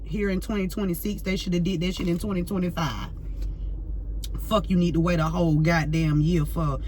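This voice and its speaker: A woman's voice: medium pitch, a little hiss or hum. Fiery, profane woman ranting. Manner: profane, fiery, repeats herself, slangy. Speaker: intuitive tarot reader. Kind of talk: heated unscripted rant to camera.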